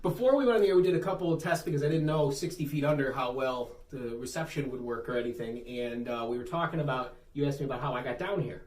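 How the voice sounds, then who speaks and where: Co-hosting a casual talk show from an underground bunker room, a man with a Western New York accent banters and spins animated, jokey stories. His mid-range voice moves quickly with few pauses, captured by a distant mic in an echoey space with faint hiss.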